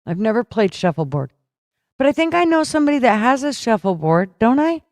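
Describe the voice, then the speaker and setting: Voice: medium pitch, big pitch swings, brisk, no echo. A livestream host in casual political chat, tired and yawning, talking loosely and answering viewer comments aloud.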